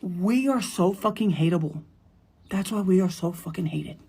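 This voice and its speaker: A woman's voice: lowish voice, moderate pace, warm tone, slightly rough. A woman hosting a commentary video, ranting bluntly with heavy profanity and exasperation. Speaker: commentary host.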